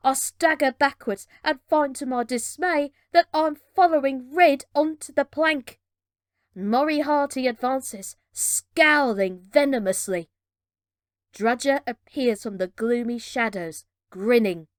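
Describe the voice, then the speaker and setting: A woman reading a children's adventure storybook aloud with measured, dramatic narration. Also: high voice, no room sound, studio quality.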